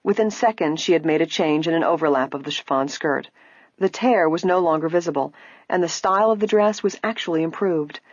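A woman narrating a story in a steady storytelling manner, in a slightly muffled recording. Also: low voice, a little fast, no room sound. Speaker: audiobook narrator. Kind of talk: scripted narration.

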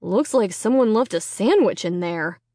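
A woman voicing a practical, level-headed father who speaks in a calm, matter-of-fact way. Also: medium pitch, normal speed, dry recording, studio quality, close to an everyday voice.

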